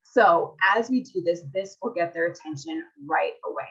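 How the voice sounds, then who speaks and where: Woman coach, low voice, live webinar host, talks to the audience with questions, muffled stream sound. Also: moderate pace, fairly bright tone. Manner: reads audience comments, asks rhetorical questions. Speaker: marriage coach.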